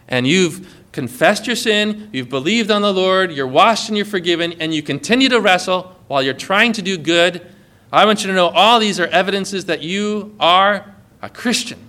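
A man's voice: sits high, sharp tone. A man preaching a sermon as a pastor, earnest and building to exhortation.

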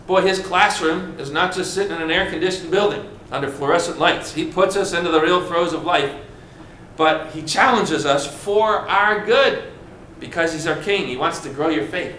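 A man's voice: a little high, moderate pace, bright, forceful tone, slight background noise. A man preaching a sermon, asking the congregation questions and building with dramatic emphasis. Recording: echoey room with faint ambience.

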